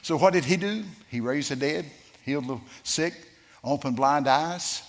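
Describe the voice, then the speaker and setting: A man preaching a sermon, telling a story with lively shifts and asking the congregation questions. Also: a little high, a little slow. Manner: storytelling, animated, asks the crowd questions. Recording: long hall reverb.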